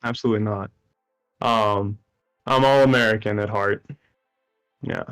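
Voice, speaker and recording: A man's voice: on the low side, fairly even intonation, unhurried, a bit bright, clear, resonant tone, soft background music. A young man chatting on a stream over a video call, awkward and self-mocking, laughing often. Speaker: contestant on a dating stream. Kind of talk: casual stream chat.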